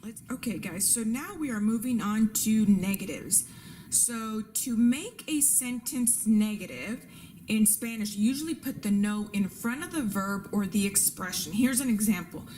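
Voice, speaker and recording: A patient woman teaching a classroom-style lesson, walking through rules step by step and repeating each point. Her voice sits at an ordinary middle pitch. A faint hiss of noise hangs under the recording. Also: moderate pace, mellow. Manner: patient, repeats rules and examples, checks in with "right?". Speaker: Spanish teacher.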